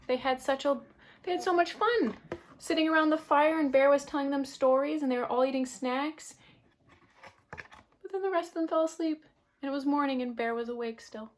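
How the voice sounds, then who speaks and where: High-voiced woman reading a picture book. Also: a little fast, slight background noise. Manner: expressive, chatty asides to young listeners. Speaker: storyteller reading to children. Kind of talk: children's picture-book read-aloud.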